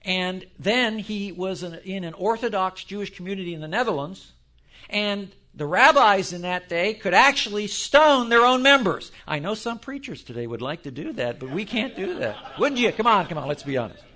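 A man's voice: sits high, animated, moderate pace. Fiery, sarcastic man lecturing. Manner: fiery, sarcastic, self-deprecating; swings between quiet asides and loud outbursts. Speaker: Bible lecturer. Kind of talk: impassioned teaching lecture.

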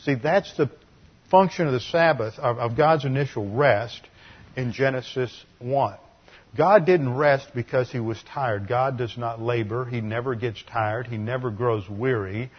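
A man's voice: mid-range voice, measured pace, breathy edge, highs cut off. A man preaching an expository sermon, earnest teaching broken by wry asides. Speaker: pastor.

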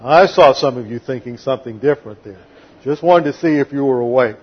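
Husky-voiced man preaching a sermon. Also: medium pitch, a little fast. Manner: methodical, emphatic, counting off numbered points. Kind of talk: expository sermon. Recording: dull lo-fi sermon recording.

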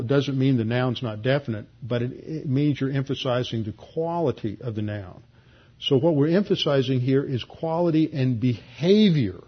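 A husky-voiced man delivers an earnest verse-by-verse Bible teaching, stressing key words and restarting phrases as he explains. His voice sits in a middle pitch. The recording is dull and lo-fi.

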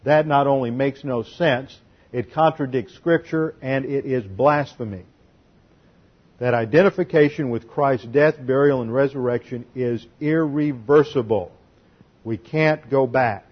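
A man's voice: medium pitch, measured pace, breathy edge. Man, expository sermon, methodical teaching, muffled lo-fi sound. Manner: methodical, teaching Greek grammar point by point. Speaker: pastor. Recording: dull lo-fi sermon recording.

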